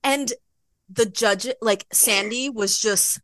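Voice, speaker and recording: A woman guest on a podcast, telling an animated story with frequent laughter in a casual chat. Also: a little high, slow, no echo, clean studio sound. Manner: giggly, animated, laughs often. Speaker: podcast guest, bodybuilding pro.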